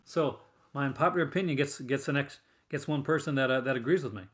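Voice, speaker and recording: A man's voice: mid-range voice, quick pace. A man hosting a casual stream, rambling and full of fillers and restarts as he chats with viewers. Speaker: host of a horror film collecting show. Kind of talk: casual live-stream chat.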